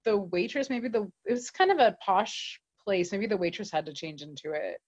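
A woman's voice: mid-range voice, expressive, normal speed, breathy edge, lo-fi sound. A woman co-hosting a podcast, chatting casually as she recaps an episode and quotes the characters. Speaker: podcast co-host.

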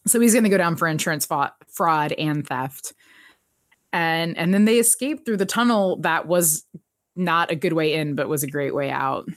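A woman co-hosting a podcast, recapping a TV episode in animated casual chat and laughing often. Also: low voice, normal speed, no room sound, studio quality. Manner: animated, laughs often, jumps into quoted voices.

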